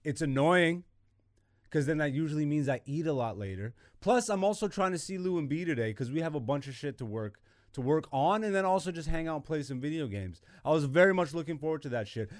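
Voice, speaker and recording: A male podcast host ranting in a casual monologue, animated and profane, with exasperated loud bursts. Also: a little high, brisk, no echo, studio quality.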